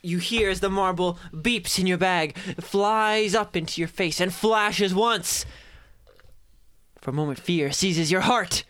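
A man's voice: high voice, a little slow, fairly bright tone, dry recording. A man narrating as game master of a tabletop role-playing game, in a playful, joking manner.

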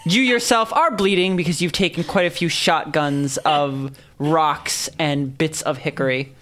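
A man's voice: fairly high pitch, a little slow, a bit bright. A man running a tabletop game as game master, narrating the action in a loose, rambling way with many fillers.

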